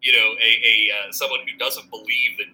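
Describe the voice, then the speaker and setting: A man's voice: medium pitch, steady tone, a little fast, pushed and bright, low-quality recording. A man in his thirties, a college faculty member and podcast guest, chatting casually with restarts and frequent laughter. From Pennsylvania. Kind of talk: casual conversation.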